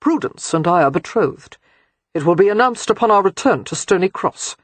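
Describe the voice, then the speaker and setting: The audiobook narrator voicing a cold, bitter young gentleman. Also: high-pitched, expressive, normal speed, no room sound. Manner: cold, hard.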